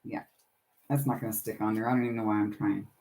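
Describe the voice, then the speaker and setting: A woman's voice: rumbling low, fairly even intonation, fast, dark tone. A middle-aged woman hosting a casual crafting livestream, chatting with viewers by name while she works on her journals. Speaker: livestream host.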